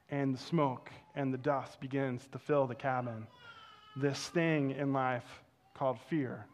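A young man preaching a sermon, telling a personal story with animated swings between loud, excited passages and hushed, reverent ones. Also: medium pitch. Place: church.

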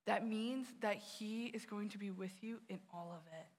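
A woman's voice: mid-range voice, normal speed. A woman youth director giving an earnest sermon, telling personal stories and speaking straight to the listeners.

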